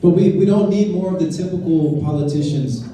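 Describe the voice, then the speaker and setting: A man's voice: high voice, brisk, mellow, recorded from a distance, a little hiss or hum. A man giving an informal speech to a political club, conversational and emphatic, often restarting his sentences. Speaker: guest speaker at a political club. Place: meeting room at a club event. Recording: very echoey room, voice from afar.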